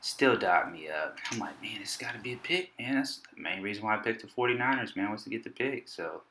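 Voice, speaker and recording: Laid-back Texan man with a deep voice. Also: expressive, brisk, pushed and bright. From Texas. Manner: laid-back, slangy, trash-talking. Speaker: gaming YouTuber. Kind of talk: casual game commentary. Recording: roomy with game crowd noise behind.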